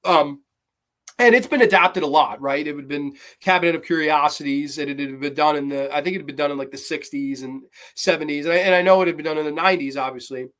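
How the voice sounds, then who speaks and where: A man's voice: fairly high pitch, fast, fairly bright tone. A man hosting a podcast, reviewing horror films casually with enthusiastic, rambling talk full of fillers and mock-quoted lines. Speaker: podcast host.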